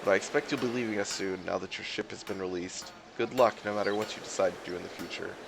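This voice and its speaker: A man's voice: low voice, steady tone, quick pace, gravelly, background noise. A man reading out the lines of a grateful portly merchant in a video game, in a plain voice. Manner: read aloud plainly.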